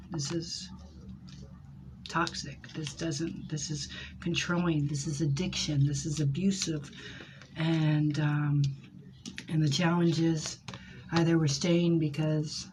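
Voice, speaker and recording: A woman's voice: on the low side, a little mellow, slight background noise, rough recording. Emotional rambling woman reading tarot. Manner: emotional, rambling, addresses viewers by name. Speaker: tarot reader. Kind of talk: live tarot reading for viewers.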